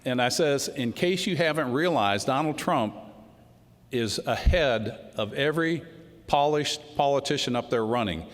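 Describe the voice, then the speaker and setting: Folksy congressman, middle-aged, mid-pitched, off-the-cuff speech with long hall echo. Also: animated, unhurried, slight background noise. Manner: folksy, storytelling, says y'all. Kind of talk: unscripted political speech. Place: large hall before a crowd. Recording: hall reverb with crowd.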